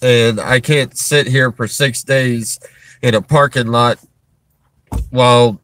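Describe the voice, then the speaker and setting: A man talking to viewers on a livestream, halting and strained, restarting his sentences and sighing, from a parked vehicle in a store parking lot. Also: medium pitch, steady tone, fairly bright tone. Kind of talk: emotional livestream talk to viewers.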